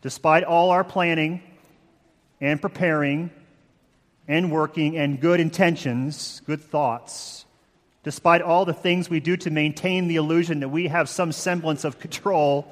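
A man preaching a sermon, measured and emphatic, with slow dramatic pauses. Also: on the high side, big-room sound. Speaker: pastor.

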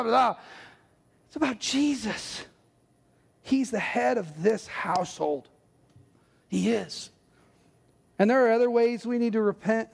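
A male pastor preaching a sermon in an earnest, conversational way with animated asides. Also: high-pitched, vocal fry. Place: church sanctuary. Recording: long church hall reverb.

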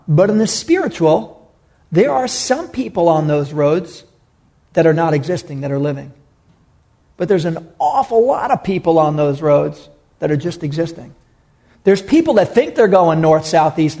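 A male pastor delivers a sermon in an earnest, urging way, circling back to key phrases and asking his listeners questions. His voice sits a little high for a man and has a gravelly edge. He talks straight to the congregation. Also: darkish tone.

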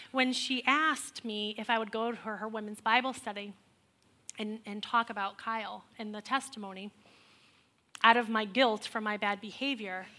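A woman in her forties shares a personal faith testimony with an audience, turning it into humorous storytelling. Her voice is bright and fairly high, and her delivery is animated and exasperated as she slips into the voices of the people in her story. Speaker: speaker sharing a personal testimony.

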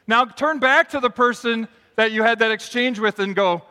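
A middle-aged male pastor preaching to a congregation, his voice pitched high and bright with a forceful edge. He keeps swinging his pitch and volume to act out the lines he quotes. The sound rings with the long reverb of a church sanctuary. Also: normal speed, clean tone. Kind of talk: sermon.

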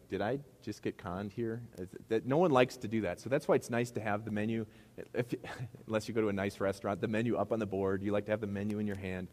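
Speaking in a lowish, darkish voice, this Midwestern American pastor delivers a sermon in a middle school hall. He addresses the congregation conversationally and keeps asking them rhetorical questions.

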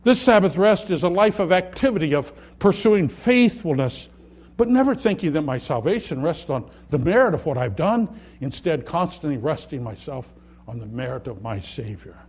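A man preaching a sermon, earnest, rising loud on key words and dropping soft at the ends of thoughts. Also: on the high side, expressive, normal speed, husky. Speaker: pastor.

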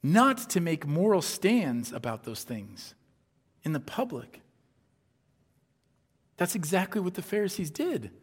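A man's voice: a little high, sing-song, unhurried, long pauses, slightly rough. A man from the upper Midwest preaching a sermon. He talks in a conversational way, with rhetorical asides, and acts out the voices he quotes. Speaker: pastor. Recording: long hall reverb.

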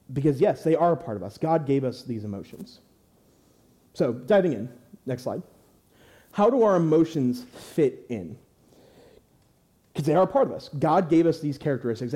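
Mellow-voiced young man preaching. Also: on the high side. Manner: conversational, with restarts and rhetorical questions. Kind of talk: sermon. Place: church.

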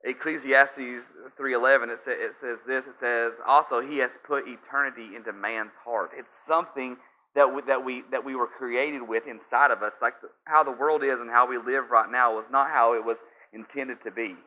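A man's voice: medium pitch, steady tone, normal speed, pushed and bright. A man preaching a sermon, emphatic, often restarting and repeating key phrases. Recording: slightly dull lo-fi sound.

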